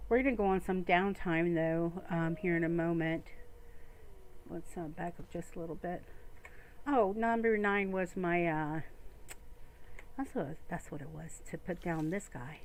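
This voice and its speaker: Chatty woman streamer, lowish voice. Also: unhurried, slight background noise. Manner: rambling, chatty, talks to viewers. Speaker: gaming streamer. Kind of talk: casual gameplay commentary. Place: home room.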